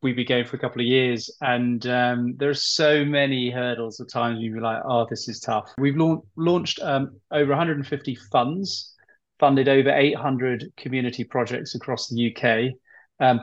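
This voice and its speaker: A man hosting a podcast interview, relaxed and casual, with many ums and uhs. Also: medium pitch, moderate pace. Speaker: podcast host. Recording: slightly dull, lo-fi sound.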